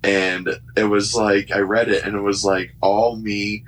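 Low voice guy hosting his podcast, loose and jokey, lots of "like". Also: little pitch movement, a little slow, a bit bright, a little hiss or hum. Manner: loose, laughing, swearing, filler-heavy. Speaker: podcast host. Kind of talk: casual podcast chat.

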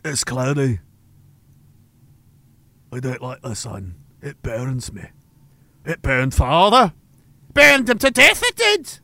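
A man putting on a frantic, sun-fearing old Irish hill farmer with a put-on Irish accent, yelling shrilly. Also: mid-range voice, sing-song, takes it slowly, creaky, pauses often, no echo, pitched below the performer's own voice, full character voice. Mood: panicked.

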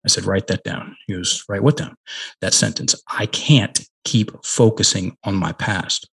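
A middle-aged man with a husky, slightly low voice tells a coaching story in a relaxed conversational way. He leans hard on key words and slows right down to make a point. His voice comes through a headset mic. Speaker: podcast guest, coach.

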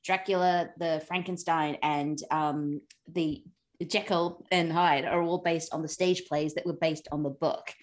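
A woman's voice: deep voice, fairly even intonation, a little slow. Rambling, laughing woman podcast guest. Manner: rambling, laughs often, many ums. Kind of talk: casual podcast chat.

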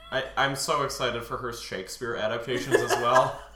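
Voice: mid-range voice, echoey room, very noisy. A co-host reading fan fiction aloud on stage, playful and drily amused, laughing at the text. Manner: slow, playful, deadpan asides, laughs at the text. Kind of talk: live comedic reading with banter. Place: stage before a live audience.

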